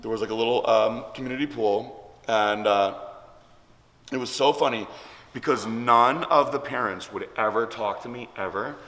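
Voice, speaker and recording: A man's voice: mid-range voice, normal speed, a bit bright. A man hosting a vlog, telling a story casually and rambling with many fillers. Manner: rambling, lots of likes and ums. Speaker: vlog host. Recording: echoey room with long reverb.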